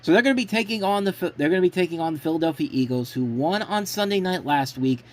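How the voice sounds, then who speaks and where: A man's voice: on the high side, fast. A man hosting his own sports show, casually talking through football predictions and often stopping to restart or correct himself. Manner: rambling, frequent restarts and self-corrections. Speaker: sports blog host.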